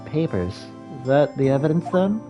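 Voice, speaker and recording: A man's voice: fairly high pitch, sing-song, moderate pace, music in the background, pitched above the performer's own voice. A man voicing a perky, playful teenage girl who is someone's younger sister, raising his voice a little for her.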